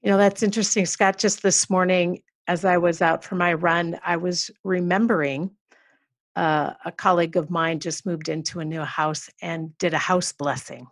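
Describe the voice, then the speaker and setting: A woman's voice: lowish voice, fairly even intonation, moderate pace. A middle-aged woman co-hosting a podcast, sharing personal reflections thoughtfully.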